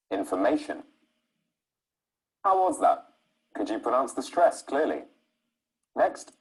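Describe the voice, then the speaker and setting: A man's voice: on the low side, darkish tone, low-quality recording. A man teaching English pronunciation, stretching out syllables to show the stress. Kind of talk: scripted lesson narration.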